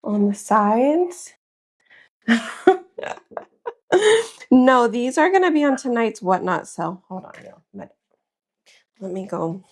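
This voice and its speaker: Slow-talking woman chatting while crafting. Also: fairly high pitch, expressive. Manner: chatty, talks to viewers as y'all, scolds her dogs. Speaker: crafter and live seller. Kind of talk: casual livestream chat while crafting. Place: small room at home.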